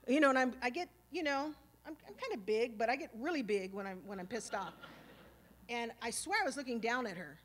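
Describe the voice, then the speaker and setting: On stage at a live symposium, a woman tells stories in a casual, streetwise and profane style, packed with "you know" and "like," animatedly acting out old arguments. Her voice sits on the high side and moves briskly.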